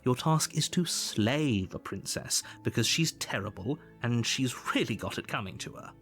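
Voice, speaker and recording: A man's voice: mid-range voice, animated, normal speed, a bit bright. An actor playing a smug, sardonic male narrator in a game, dry and exasperated in manner.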